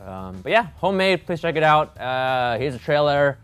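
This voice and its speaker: A man's voice: a little high, sing-song, moderate pace, a bit bright, faint music behind. A man co-hosting a casual talk show in an office, talking in an easygoing, self-deprecating way. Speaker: co-host. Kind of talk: casual chat.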